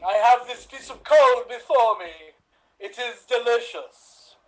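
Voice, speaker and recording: A man's voice: very high voice, measured pace, low-quality recording. A man playing a pompous, posh, self-important actor in an improv comedy scene, haughty and theatrical.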